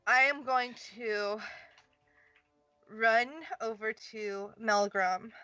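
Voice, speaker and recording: Slow-talking woman playing a tabletop game. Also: a little high, fairly even intonation, bright, forceful tone, dry recording, faint music behind. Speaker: player. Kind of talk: casual tabletop play. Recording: dull lo-fi mic.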